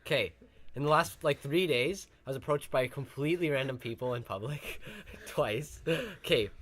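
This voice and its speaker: A man's voice: medium pitch, normal speed. A young man, born in Ukraine, telling stories in a casual podcast chat, acting out the people he quotes. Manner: animated, acts out quoted voices. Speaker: podcast co-host.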